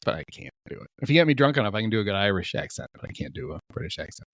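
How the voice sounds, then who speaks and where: Podcast host guy joking around and rambling, dry close mic, average pitch. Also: big pitch swings, very fast, few pauses, fairly bright tone, dry recording. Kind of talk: casual sports chat.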